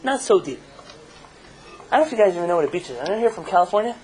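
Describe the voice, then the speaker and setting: A man's voice: high-pitched, sing-song, very fast, darkish tone, poor audio. A man, a rabbi, giving a live talk and telling stories in a conversational way, asking his audience questions.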